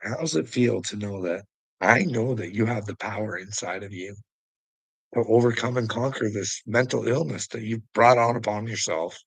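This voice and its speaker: Gravelly, mocking man with a chuckle. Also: fairly low pitch, normal speed, fairly bright tone, dry recording, rough recording. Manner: mocking, chuckling often, calls the listener "bud"; profane and taunting. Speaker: vlogger answering a critic. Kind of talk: casual rambling rant.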